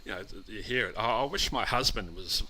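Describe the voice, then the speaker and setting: A man chats on a podcast in a very low, bright and forceful voice. He talks frankly and openly about feelings, in a casual, expressive way. A faint noise sits under the recording. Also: a little fast, poor audio. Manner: frank, expressive, uses blokey slang. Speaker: podcast co-host. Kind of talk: casual chat.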